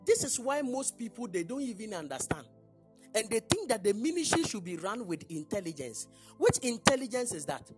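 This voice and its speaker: A woman's voice: a little high, very animated, normal speed, soft background music. A woman preacher delivering a sermon in church, emphatic and questioning the congregation.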